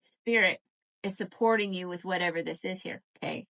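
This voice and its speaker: A woman doing a live tarot reading, animated and profane, calling to her viewers as y'all. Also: lowish voice, a little fast, gravelly. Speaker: tarot reader.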